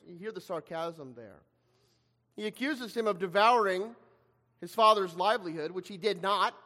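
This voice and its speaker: Male preacher, very high pitch, dramatic sermon delivery, long hall reverb. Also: animated, moderate pace. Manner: dramatic, acts out quoted voices with shifting loudness.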